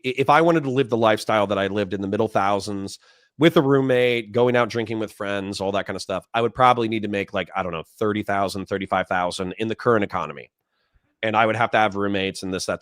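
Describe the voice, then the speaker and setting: A man's voice: on the low side, fairly bright tone, no echo, clean studio sound. Laughing, apologetic man hosting a stream. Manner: laughs hard and apologizes repeatedly. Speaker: streamer host. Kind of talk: casual political debate stream.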